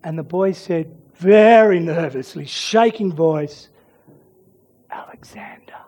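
A preacher delivering a sermon and prayer at an unhurried pace. The delivery is dramatic storytelling that swings between strong emphasis and hushed, near-whispered lines. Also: medium pitch.

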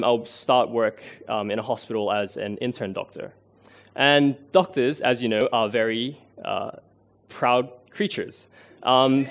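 A man, giving a sermon in an earnest, self-deprecating way, often pausing with fillers. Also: medium pitch. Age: 20s. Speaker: lay preacher.

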